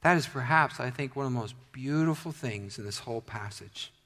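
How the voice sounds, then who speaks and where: A man's voice: medium pitch, a little fast, a bit bright. A man preaching a sermon in a conversational way that builds to emphatic declarations. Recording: long hall reverb.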